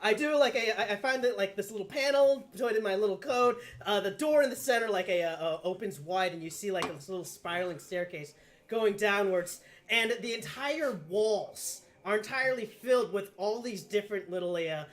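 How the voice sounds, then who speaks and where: A man's voice: sits high, expressive, moderate pace. A man playing a tabletop game, describing his character's lab casually with many fillers and restarts. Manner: hesitant, full of fillers. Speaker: player. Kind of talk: casual tabletop role-play.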